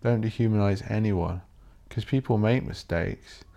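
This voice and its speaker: Guy, deep voice, swearing, rambling solo podcast host. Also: unhurried, creaky, mellow. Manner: swears a lot, rants and mocks posh voices.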